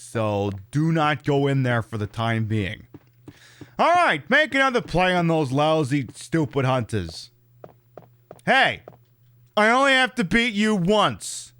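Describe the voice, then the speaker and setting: A man's voice: mid-range voice, fairly bright tone, no room sound. A man with a North Jersey accent giving casual, joking and profane commentary while streaming a game. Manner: profane, joking, talks to chat.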